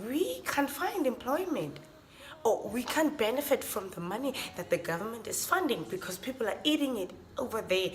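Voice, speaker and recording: A young woman, ranting with feeling in a vlog, often restarting and repeating her phrases. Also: medium pitch. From Namibia. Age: young adult. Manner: impassioned, repetitive, restarts phrases. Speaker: vlogger. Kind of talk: emotional rant to camera. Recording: music playing under the voice.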